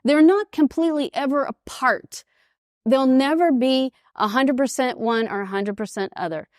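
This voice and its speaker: East texas lady in her 50s giving a talk, kinda high voice, dry close sound, acts out her stories. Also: normal speed, dry recording. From United States. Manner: lively storyteller who acts out quoted voices. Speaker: speaker at an international school. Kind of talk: presentation talk to an audience.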